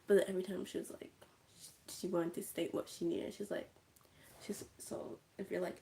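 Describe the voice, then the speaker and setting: A woman's voice: fairly low pitch, flat delivery, normal speed, creaky, dark tone, a little hiss or hum. A woman casually recapping a movie on a livestream, chatty and full of "like" fillers. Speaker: streamer.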